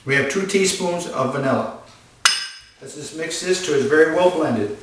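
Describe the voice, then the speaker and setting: A man's voice: on the high side, normal speed, echoey room, noisy background. A man hosting a home cooking demonstration in his kitchen, talking in a folksy, down-home way as he walks through a recipe. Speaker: chef, cooking show host.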